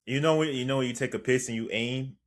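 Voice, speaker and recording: Man, podcast co-host, heckling, laughing, casual banter, mid pitch. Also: fast talker.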